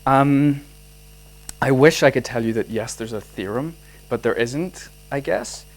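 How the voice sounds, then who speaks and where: A man's voice: mid-range voice, a little slow, rough recording. Northern Irish man lecturing on physics. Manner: animated, many restarts and fillers. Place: lecture hall.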